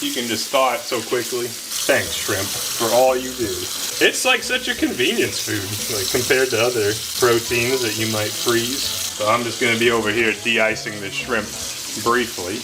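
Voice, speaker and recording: A man hosting a casual cooking vlog in his home kitchen, with goofy, deadpan wordplay. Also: mid-range voice, background noise. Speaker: cooking show host. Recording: music playing underneath.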